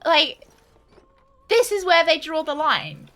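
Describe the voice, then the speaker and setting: Woman, British accent, high pitch, bright tone, casual gameplay chat, swearing, playful ranting. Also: big pitch swings, slow pace. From Britain. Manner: swears freely, laughs, rants with exaggerated indignation. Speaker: streamer.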